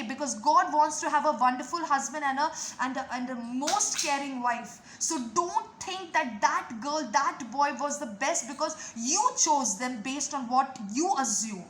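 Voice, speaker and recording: High-voiced woman preaching fervently. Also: a bit bright, reverberant, a little hiss or hum. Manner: fervent, repetitive exhortation. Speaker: preacher and online video host. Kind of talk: devotional sermon and prayer.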